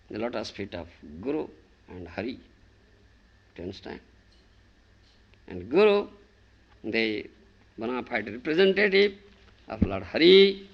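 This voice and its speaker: A man's voice: fairly high pitch, creaky, fairly bright tone, lo-fi sound. A man preaching a devotional sermon as a spiritual teacher, emphatic and often asking if listeners understand.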